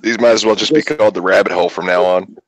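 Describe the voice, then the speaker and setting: A man's voice: on the low side, steady tone, quick pace, lo-fi sound, a crowd in the background. A man in a casual late-night chat, teasing the others with wry remarks.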